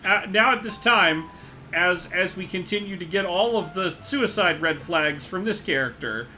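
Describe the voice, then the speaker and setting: A man hosting a game playthrough breaks in with joking, rambling asides. His voice is bright and a little high for a man. He talks in a loose, casual chat style. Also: expressive, normal speed, slight background noise. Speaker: let's play host.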